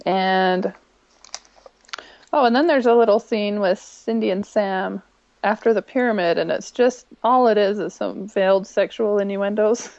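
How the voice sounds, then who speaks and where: A woman's voice: mid-range voice, unhurried, no echo, highs cut off. A woman co-hosting a podcast, casually recapping a TV episode and quoting lines from it, with plenty of ums. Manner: chatty retelling with many ums, quoting lines in a brighter voice. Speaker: podcast co-host.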